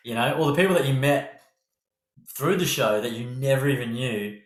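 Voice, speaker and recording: A man's voice: mid-range voice, brisk. An Australian man hosting a podcast, rambling casually, swearing freely and laughing often. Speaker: podcast host. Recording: roomy echo.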